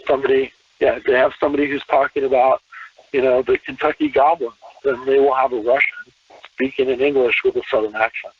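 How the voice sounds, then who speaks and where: A man's voice: mid-range voice, a little fast, far from the mic, a little hiss or hum. Man talking over a tinny phone line. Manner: animated, repeats himself, many restarts. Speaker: podcast guest. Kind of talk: casual conversation.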